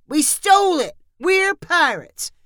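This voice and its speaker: Woman doing a defiant kid pirate in a storybook, shrill, lively, shouting. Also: takes it slowly, no echo, studio quality, full character voice. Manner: shouting, high-pitched. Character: defiant little boy pirate, loud and bold.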